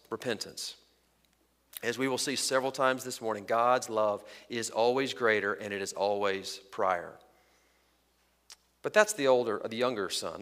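A man preaching a sermon as pastor, earnest and emphatic, slowing down to stress key points. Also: medium pitch, a bit bright, in a large hall.

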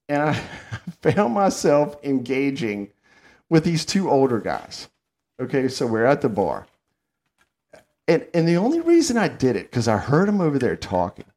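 This podcast host, a man from the Southern United States with a fairly high pitch, tells stories in a relaxed, lively way. He laughs often throughout the casual chat.

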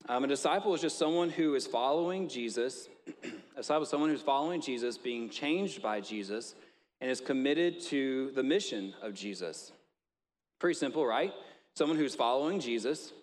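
A man's voice: medium pitch, animated, moderate pace, big-room sound. A male pastor giving a sermon in a conversational way, mixing stories and light jokes.

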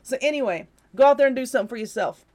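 A woman with a slightly high voice hosts her podcast solo. She sounds tired, chatting casually and then pushing her listeners with an upbeat pep talk. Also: expressive, rapid-fire, dark tone. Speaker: podcast host.

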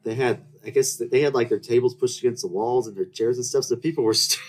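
A young man rambles through his stories in a casual, joking way. He starts over mid-sentence and now and then launches into mock-outraged rants. His voice sits at an ordinary middle pitch. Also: quick pace, a little mellow. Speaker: podcast host. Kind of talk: casual storytelling monologue.

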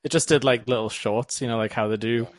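A man's voice: medium pitch, steady tone, quick pace, no room sound. A man co-hosting a casual podcast chat, rambling loosely with many fillers. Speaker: podcast co-host.

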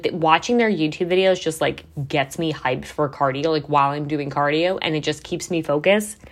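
A young adult woman hosting a podcast, chatting casually and swearing now and then, with lots of "like". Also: lowish voice. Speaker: podcast host.

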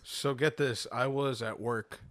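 Expressive young male podcast co-host. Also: medium pitch, a little slow, no room sound. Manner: expressive storyteller, gets loud when excited. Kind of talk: casual podcast chat.

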